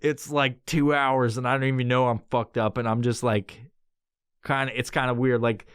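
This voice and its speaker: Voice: medium pitch, level tone, moderate pace, clear, resonant tone, no echo, clean studio sound. A podcast host telling a story in casual, profane talk, acting out the quotes with yelps and laughs.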